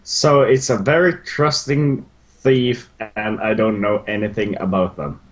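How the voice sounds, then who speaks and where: Man, tabletop player, low voice, unhurried, joking. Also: steady tone, muffled recording. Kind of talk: casual tabletop game chat.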